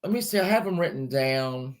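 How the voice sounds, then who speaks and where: With a rumbling low voice and a brisk, animated pace, a woman hosts a true-crime livestream. She retells a case in a chatty, casual way, breaking off mid-story to greet people and respond to the live chat.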